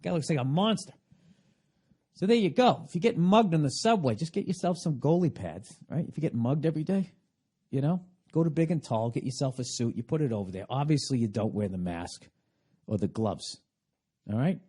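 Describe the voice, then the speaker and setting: A man's voice: fairly high pitch, animated, brisk, dark tone, breathy edge. A man hosting a podcast, talking in a rambling, profane, sarcastic comedic monologue. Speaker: podcast host.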